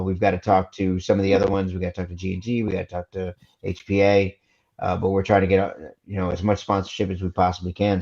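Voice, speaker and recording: A man's voice: lowish voice, dark tone. A man co-hosting a casual podcast, talking in a laid-back way with many fillers and restarts. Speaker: co-host. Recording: dull lo-fi sound.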